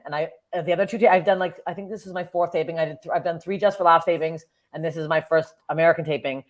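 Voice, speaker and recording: A woman's voice: deep voice, fast talker, hardly any pauses. A woman from Canada, a comedian guest on a podcast, telling stories casually and swearing freely. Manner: swears freely, animated quoted voices.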